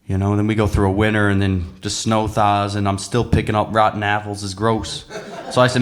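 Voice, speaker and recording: A man, a singer-songwriter chatting and telling relaxed, laughing stories between songs at a small live venue. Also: on the low side, fairly quick, few pauses. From Newfoundland, Canada.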